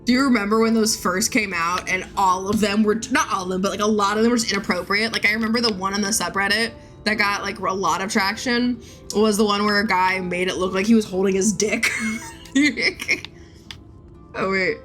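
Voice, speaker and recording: A woman's voice: mid-range voice, fairly even intonation, a little fast, fairly bright tone, faint music behind. A woman streaming a game, chatting casually in a crude, rambling way and laughing often. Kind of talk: casual live-stream chat.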